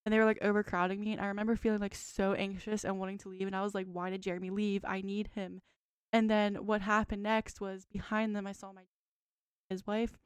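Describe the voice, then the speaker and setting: Casting note: twenties woman, podcast co-host, rambling storyteller, resonant clean voice, mid pitch. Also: level tone, a little fast, clean tone, no room sound. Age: 20s. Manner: rambling, frequent "like" fillers. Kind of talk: casual chat, reading a dream journal.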